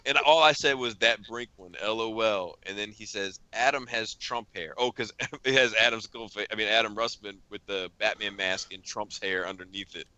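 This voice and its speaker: Low-pitched guy with a bright sharp edge, chatty host reading texts out loud, laughs a lot, dry close mic. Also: steady tone, moderate pace, few pauses, clear, resonant tone, dry recording, highs cut off. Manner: laughing storyteller, reads out text messages. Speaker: podcast host. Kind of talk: casual chat.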